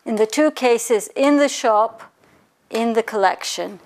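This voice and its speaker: A woman teaching an English grammar lesson, explaining each point in French and then repeating it in English, slowing down on the example words. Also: on the high side, a little mellow. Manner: slows down to spell out example words. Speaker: language teacher.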